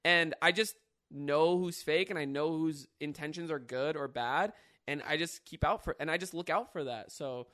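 A young man hosting a casual chat and telling a story in an animated way, full of fillers and swearing. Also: fairly high pitch, normal speed. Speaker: YouTuber host.

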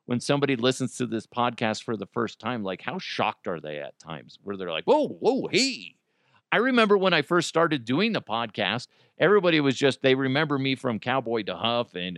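A man's voice: mid-range voice, a bit bright, no echo, studio quality. A man hosting his own podcast, talking casually and jokingly, rambling with frequent restarts. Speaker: podcast host. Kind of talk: casual solo podcast monologue.

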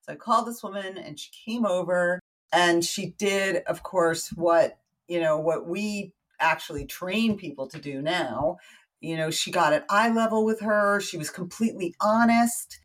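A woman from the United States, a guest in an interview, telling a story in a lively, casual way with wry asides. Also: lowish voice, measured pace.

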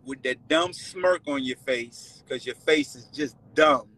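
A man hosting a sports call-in show, loud and playful as he trash-talks. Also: medium pitch, huge pitch swings, takes it slowly, gravelly, few pauses. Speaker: host.

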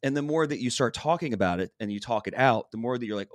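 A man's voice: mid-range voice, fast talker, dry recording, studio quality. A man co-hosting a podcast, talking in a rambling, candid way and swearing casually. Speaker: podcast co-host. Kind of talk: casual chat.

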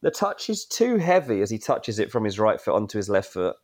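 A man co-hosting a football podcast, walking the listener through a match moment. His excitement builds as the story goes on. His voice sits a little on the low side. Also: fairly quick. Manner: lively, building excitement in telling.

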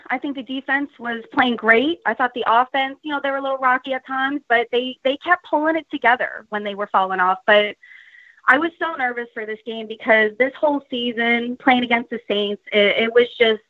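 A young woman from the Tampa area calling in to a sports podcast, animated and ranting, swearing as she talks. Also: fairly high pitch, no room sound. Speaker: caller. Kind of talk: phone call-in. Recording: muffled phone line.

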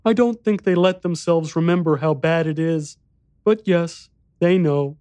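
A man voicing a small, frightened boy who speaks quietly, gravely and matter-of-factly. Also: a little high, measured pace, no room sound, pitched above the performer's own voice, natural voice. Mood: solemn.

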